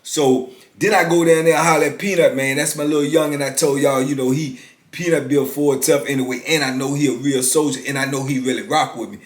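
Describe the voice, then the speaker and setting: A man in his fifties casually telling a story from his past in a laid-back, drawn-out way, often dropping "man" into his sentences. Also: medium pitch, steady tone. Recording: roomy echo.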